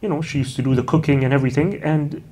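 A man giving an unhurried lecture on early Islamic history, telling stories and often adding Arabic honorifics and casual "you know" asides. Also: a little high, dark tone, a little hiss or hum.

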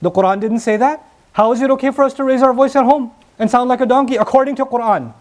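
A man's voice: very high-pitched, fast talker. A man preaching a sermon, earnest, repeating key phrases and asking the listeners rhetorical questions.

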